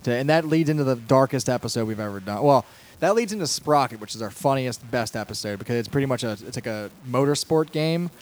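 A man chatting as a podcast guest at a friend's home, teasing and quick to laugh. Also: mid-range voice, expressive. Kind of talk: casual podcast chat.

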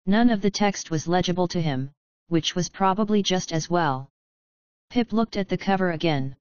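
A woman narrating a book chapter in a calm, measured storytelling manner. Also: fairly low pitch, no echo, dull audio. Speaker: audiobook narrator. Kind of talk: scripted narration.

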